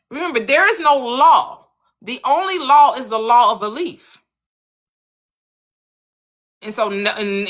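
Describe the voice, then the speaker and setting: An American woman hosting her own channel, giving an earnest motivational talk on manifesting, repeating her points and swinging her pitch up for emphasis. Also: a bit bright.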